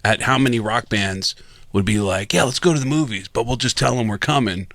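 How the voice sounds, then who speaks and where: Male comedian, casual podcast storyteller, animated, bright tone, dry booth. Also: medium pitch, brisk, dry recording. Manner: animated, acts out quoted people.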